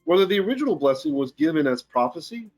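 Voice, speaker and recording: Rabbi teaching scripture, reads Hebrew then explains; slightly high voice with faint music behind. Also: male voice, big pitch swings, fast. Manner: reads Hebrew aloud, then translates and explains, thinking out loud. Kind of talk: Bible study lesson.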